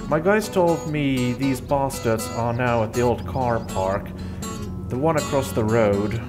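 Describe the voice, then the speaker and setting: A weary, reluctant camp leader, as a man reads his lines aloud. The game dialogue comes out flat and plain in an ordinary mid-pitched voice, with soft music behind. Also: a little slow, lightly acted.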